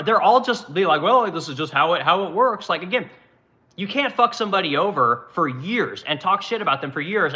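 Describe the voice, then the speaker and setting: A man's voice: a little high, bright, forceful tone. A man delivering a heated, profane political rant to his viewers, rambling and asking "right?" as he reads comments. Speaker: live-stream host reading comments.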